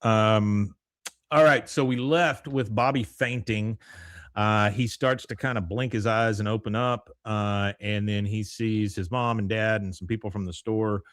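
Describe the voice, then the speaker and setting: A man's voice: fairly low pitch, fairly even intonation, measured pace, fairly bright tone, no room sound, clean studio sound. A man hosting a podcast, casually retelling a cartoon episode and quoting lines in lightly raised voices. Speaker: podcast host.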